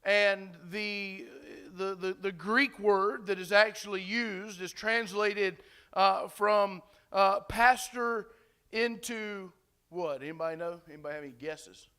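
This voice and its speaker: A pastor with a high, bright, forceful yet smooth voice preaches slowly to his congregation. The sermon is informal and conversational, with frequent fillers, restarts and questions put to the audience.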